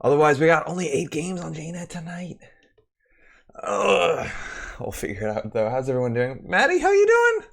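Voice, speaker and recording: A man's voice: on the high side, moderate pace, gravelly, long pauses. A man hosting a live stream, chatting about a card game and greeting viewers by name, slightly out of breath. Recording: faint music behind.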